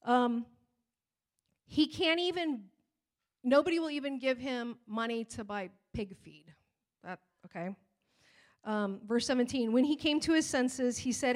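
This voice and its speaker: Middle-aged female pastor, animated storytelling sermon, slightly high pitch. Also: a little slow, long pauses. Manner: animated storytelling, acting out voices.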